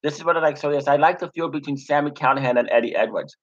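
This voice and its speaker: A man's voice: a little high, fast. Young male reviewer, casual rambling recap, lots of ums, muffled lo-fi mic. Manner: rambling, many fillers and restarts. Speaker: wrestling reviewer.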